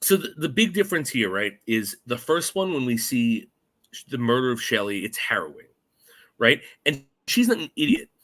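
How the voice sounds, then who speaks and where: A man co-hosts a casual movie podcast with a bright, ringing voice. His pitch swings widely as he gets worked up. He swears casually and acts out lines in mock voices. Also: normal speed. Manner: animated, swears, acts out quotes in funny voices. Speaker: podcast co-host. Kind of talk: casual movie review chat.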